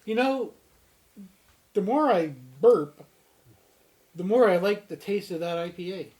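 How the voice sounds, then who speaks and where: A man's voice: high-pitched, expressive, unhurried, a little mellow. A man from Canada co-hosting a casual beer-tasting chat, cracking goofy jokes and wordplay. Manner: joking, goofy asides and wordplay. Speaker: co-host of a beer tasting show.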